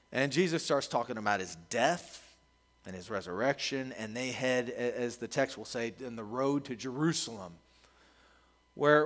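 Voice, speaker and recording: A man preaching a sermon, telling stories in a lively, animated way. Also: mid-range voice, long reverb tail. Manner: lively, animated storytelling with laughs. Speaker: pastor.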